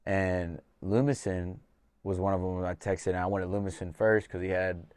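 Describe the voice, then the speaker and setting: A man's voice: low-pitched, steady tone, normal speed, a little mellow, smooth, no room sound. A man hosting a podcast, telling a casual, profane story as a fight coach and acting out the dialogue as he goes. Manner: loose and profane, acts out quoted dialogue.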